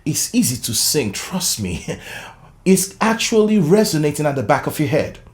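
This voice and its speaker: A vocal coach giving an animated singing lesson, explaining with frequent "okay?" check-ins and chuckles, breaking into short sung demonstrations. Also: mid-range voice, normal speed.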